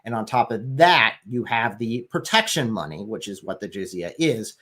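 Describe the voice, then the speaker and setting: A man's voice: fairly low pitch, lively intonation, moderate pace, sharp tone. A man making his case in a livestream discussion, emphatic and sarcastic at times.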